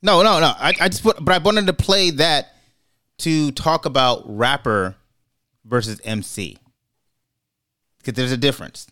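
A man hosting a casual podcast, giving his opinions in a measured way and slowing down to stress his points. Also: a little high, bright, forceful tone. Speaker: podcast host. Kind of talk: casual chat, opinion commentary.

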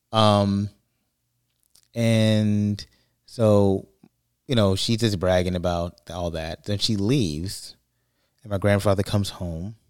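A man co-hosting a podcast, telling a family story in a rambling, animated way. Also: deep voice, no echo, clean studio sound. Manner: rambling, restarts and fillers, animated when quoting. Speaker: podcast co-host. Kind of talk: casual chat, storytelling.

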